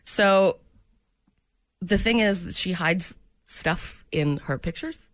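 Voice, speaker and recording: A woman's voice: lowish voice, slow pace, fairly bright tone, dry recording. A woman hosting a morning radio show from a studio, chatting and telling stories in a self-deprecating way. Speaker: radio host.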